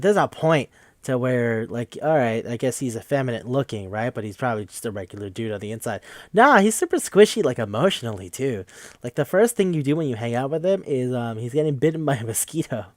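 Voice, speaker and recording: A man's voice: mid-range voice, darkish tone, dry recording. Rambling, profane young man, dry mic. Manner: rambling, profane, quick to act out quoted lines. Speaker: podcast host. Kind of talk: casual game recap.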